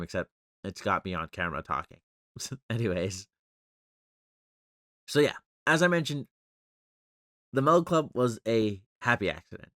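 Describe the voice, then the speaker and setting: In a relaxed solo podcast, a male host rambles and jokes at his own expense. He has a lowish, sharp-toned voice, captured without echo at studio quality.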